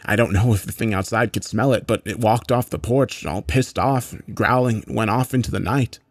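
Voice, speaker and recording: A man narrating a horror story in a measured, matter-of-fact way, with occasional swearing. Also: fairly low pitch, no echo, studio quality.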